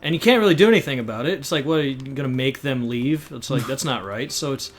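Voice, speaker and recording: A man's voice: mid-range voice, quick pace. Young man rambling through a podcast. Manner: rambling, hesitant, restarts. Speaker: podcast co-host. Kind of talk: casual podcast chat.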